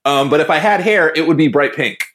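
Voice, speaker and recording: Animated male podcast host. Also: on the high side, a little fast. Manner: animated, with frequent restarts. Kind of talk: casual interview chat.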